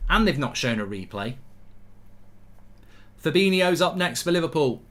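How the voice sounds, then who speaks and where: Excitable male stream host, fairly high voice, casual swearing, live match commentary. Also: normal speed.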